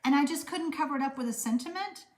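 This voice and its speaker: A Texan woman talks at a quick pace in a high voice while hosting her chatty card-making live stream. She reads out viewer comments, warm and gushing, her rambling sprinkled with fillers.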